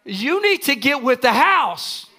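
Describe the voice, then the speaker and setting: High, bright-voiced older man preaching. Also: big pitch swings, slow pace. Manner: emphatic preaching, rising to shouts. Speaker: pastor. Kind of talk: sermon.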